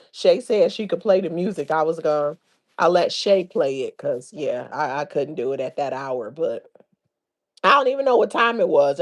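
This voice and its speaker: A woman hosting a casual livestream, chatting and laughing a lot as she retells comments from her audience. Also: sits low. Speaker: livestream host. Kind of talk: casual live-stream chat.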